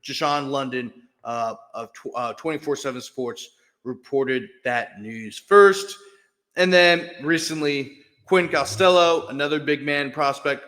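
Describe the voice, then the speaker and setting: A man's voice: medium pitch, a little slow, a bit bright, big-room sound. A man hosting a sports podcast, talking casually with lots of fillers and restarts. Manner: chatty, heavy fillers and restarts. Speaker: podcast host, beat writer.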